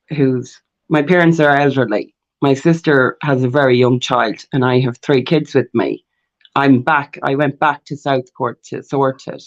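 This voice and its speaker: A woman from Mayo with an Irish accent, telling her story as a podcast guest, animated and swearing freely. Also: deep voice. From Ireland. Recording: dull lo-fi sound.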